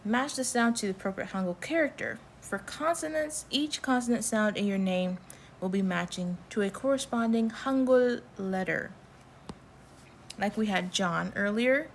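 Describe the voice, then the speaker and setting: American woman, language teacher; unhurried, patient delivery, mid pitch, light background noise. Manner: slow, patient explaining with repeated example words. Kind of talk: online language lesson.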